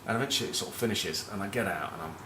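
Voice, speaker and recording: This ex-rugby captain, a middle-aged man from northern England with a Northern English accent, races through casual rugby chat in a fairly low voice, rambling through cheeky, sweary match talk and anecdotes. The recording is reverberant with background noise.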